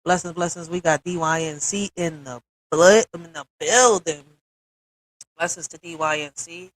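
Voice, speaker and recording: A woman hosting a casual livestream, candid and quick to swear and laugh. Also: fairly low pitch, no echo, poor audio. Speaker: livestream host.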